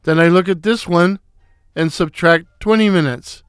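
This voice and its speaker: A man voicing a brash, wisecracking middle-aged comedian with a loud foghorn voice, firing off punchy gags in a comic story reading. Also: sits high, normal speed, clean tone, no room sound, clean studio sound, lightly acted.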